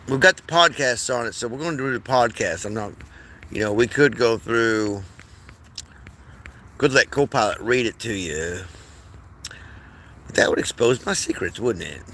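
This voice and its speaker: A man's voice: fairly low pitch, vocal fry, pushed and bright, slight background noise. A man hosting a livestream, rambling erratically with crude outbursts and mumbled asides. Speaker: streamer host.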